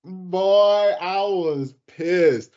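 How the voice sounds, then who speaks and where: A man co-hosting a casual sports podcast, animated and profane, often jumping into high mocking voices. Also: drawn-out words, lo-fi sound. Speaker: podcast co-host.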